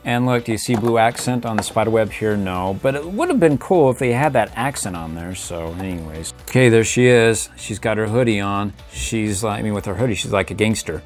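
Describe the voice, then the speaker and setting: A man's voice: fairly low pitch, lively intonation, brisk, hardly any pauses, faint music behind. A middle-aged man hosting a casual toy review, playful and chuckling, making little sound effects as he poses figures. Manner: playful, chuckling, makes sound effects while posing toys.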